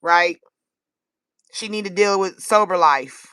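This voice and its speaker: An American woman doing a casual live-stream tarot reading, animated and chatty, laughing easily. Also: lowish voice, slow, clear, resonant tone, no echo, low-quality recording. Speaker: tarot reader.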